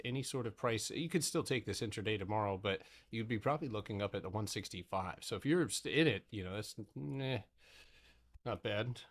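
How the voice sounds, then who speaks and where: A young man giving casual live trading commentary to his community, excitable and profane, talking in broken half-sentences. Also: fairly low pitch. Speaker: stock trading streamer.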